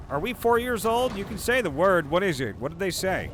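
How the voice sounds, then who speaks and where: A man's voice: fairly high pitch, sing-song, moderate pace, few pauses, slight background noise. A man streaming a game live, chatting casually and ranting with crude, profane jokes over game music. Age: adult, not young. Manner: crude, profane, joking rants. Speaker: streamer and voice actor playing a game.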